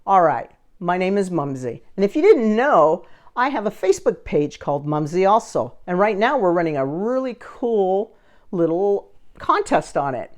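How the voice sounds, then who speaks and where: A woman's voice: lowish voice, moderate pace. A woman vlogger telling a story to camera in a casual way, acting out the other people in it. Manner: animated, acts out the other people in her story. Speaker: vlogger running a social media page.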